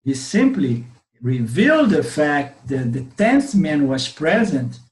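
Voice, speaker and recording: A slightly high-voiced man with a Brazilian Portuguese accent, whose first language is Portuguese, tells a parable as a spiritual teacher in an online class. He keeps the story animated and often checks in with "okay?". The audio carries a noticeable room echo. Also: slow pace. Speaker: Vedanta teacher. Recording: roomy webinar audio.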